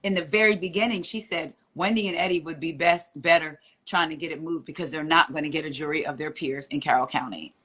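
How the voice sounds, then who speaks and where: Woman, low-ish voice, chatty live-stream guest, lively storyteller who mimics quoted voices. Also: fast, hardly any pauses, breathy edge. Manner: animated retelling, acting out quoted voices. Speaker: guest courtroom reporter.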